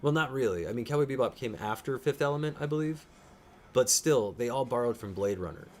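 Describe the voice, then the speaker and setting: A man's voice: mid-range voice, lively intonation, a little fast, darkish tone. A man chatting casually while reacting to a show, enthusiastic and rambling, sometimes teasing his co-host. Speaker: reaction streamer.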